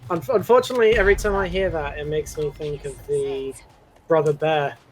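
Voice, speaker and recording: A man talks casually over a stream voice call, rambling from one aside to the next. His voice sits somewhat high. A faint hiss runs underneath. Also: a little fast. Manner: chatty, rambling, easily sidetracked. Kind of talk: casual gaming stream chat.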